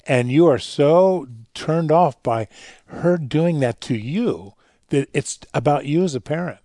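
Earnest man with a dark, dry voice. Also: a little high, animated, measured pace, dry recording. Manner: earnest, storytelling, drops quiet for emotional parts. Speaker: guest speaker on fatherhood and faith. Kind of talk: conversational radio interview.

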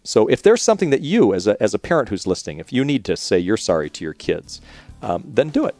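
A middle-aged man hosting a radio show, telling a candid personal story in relaxed conversation. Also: lowish voice, soft background music. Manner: candid, storytelling, quick-paced.

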